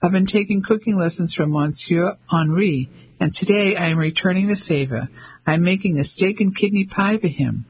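A man voicing a lively, warm middle-aged woman who speaks briskly and cheerfully. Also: high voice, a little hiss or hum, low-quality recording.

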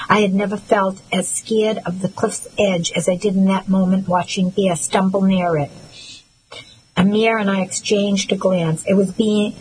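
A woman reading a first-person novel aloud in a measured, earnest and reflective way. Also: mid-range voice, darkish tone, a little hiss or hum, poor audio. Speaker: audiobook narrator.

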